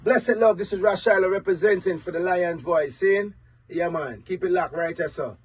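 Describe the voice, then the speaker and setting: A man giving a relaxed, half-sung station ID. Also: high voice, normal speed, husky, recorded from a distance.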